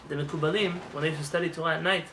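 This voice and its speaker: A man rabbi giving a lively, joking sermon in a synagogue, acting out voices as he talks. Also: on the high side, rapid-fire, recorded from a distance, noisy background. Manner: animated, acts out voices, jokes with the congregation. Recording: roomy hall with faint ambience.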